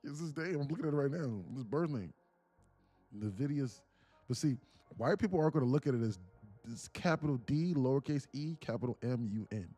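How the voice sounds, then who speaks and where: A man's voice: medium pitch, animated, brisk, warm tone. A man hosting a livestream, rambling and joking casually in a loose rant. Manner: rambling, joking, laughs often. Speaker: day trading livestreamer.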